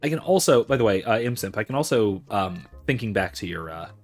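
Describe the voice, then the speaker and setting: A man's voice: on the low side, animated, a little fast, soft background music. A man hosting a let's play, giving casual, rambling commentary full of ums and restarts as he digresses.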